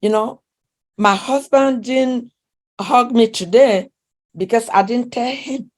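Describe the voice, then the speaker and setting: A middle-aged woman with a non-native English accent, working as a relationship coach, talks slowly in an interview conversation. Her fairly high voice has a darkish tone, and she is earnest and emphatic, circling back on her points while searching for words.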